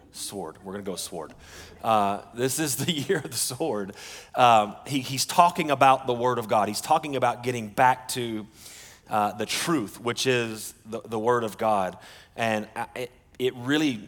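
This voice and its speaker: A male pastor preaching with a low voice. His earnest delivery stops and restarts often, and his words carry a long reverb through a large church hall. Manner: earnest, halting, with frequent restarts. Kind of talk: sermon.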